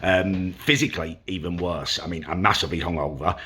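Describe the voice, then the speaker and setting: A man's voice: low voice, a little fast, sharp tone, a little hiss or hum. A young man talking casually to camera in a rambling, self-deprecating vlog. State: hungover. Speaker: vlogger.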